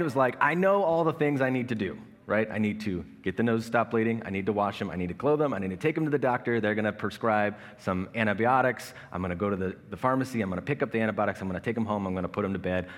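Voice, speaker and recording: A man's voice: on the low side, fast, few pauses. A man in his thirties preaching a sermon as pastor, conversational and self-mocking, telling family stories. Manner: conversational, self-mocking humor with acted-out anecdotes. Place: large church worship space. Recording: long hall reverb.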